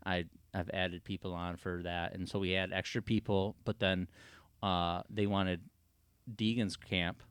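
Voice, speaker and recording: Low-voiced man telling a lively story. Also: measured pace, clear, resonant tone, dry recording. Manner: animated storyteller acting out quoted voices. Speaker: podcast guest, motocross race official. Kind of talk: casual storytelling conversation.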